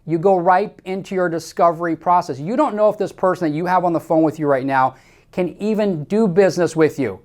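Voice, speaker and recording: A man's voice: high-pitched, brisk, darkish tone. An emphatic man leads a sales training session, speaking directly to his listeners. He repeats his key points and gives firm, step-by-step instructions in the manner of a seasoned coach. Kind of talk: sales training talk to camera.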